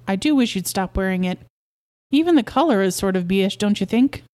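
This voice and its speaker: A woman's voice: mid-range voice, lively intonation, brisk, mellow, natural voice. A woman reading a story aloud, voicing an anxious, fussing young mother who scolds primly. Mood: fretful. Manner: fretful, prim scolding.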